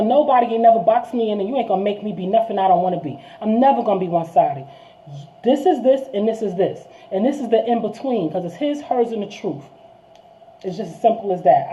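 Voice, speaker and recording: Fast-talking New woman, tinny sound. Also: medium pitch. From New York. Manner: fast, animated street talk, addresses viewers as y'all. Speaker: vlog host. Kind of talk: casual monologue to viewers. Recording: tinny phone-like audio.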